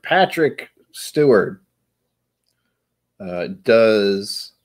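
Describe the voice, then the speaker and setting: A man with a slightly low voice talks casually while tasting whiskey on his stream. He rambles and jokes, answering his chat as he goes.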